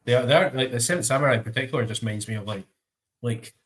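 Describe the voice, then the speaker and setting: A man's voice: mid-range voice, racing. A Scottish man co-hosting a podcast in casual chat, rambling with stumbling restarts and frequent laughs. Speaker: podcast co-host.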